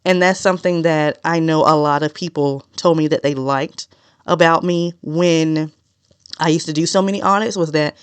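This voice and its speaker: A woman hosting a solo podcast, talking straight to her listeners in a direct, no-nonsense way and consciously slowing a naturally fast delivery. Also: low voice, fairly even intonation, smooth, no echo. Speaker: podcast host.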